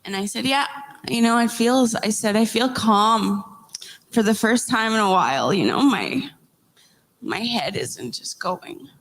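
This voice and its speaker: Young woman podcast host, emotional, talks in halting restarts, earnest. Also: on the high side, expressive. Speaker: podcast host interviewing survivors. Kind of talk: heartfelt personal storytelling and questions.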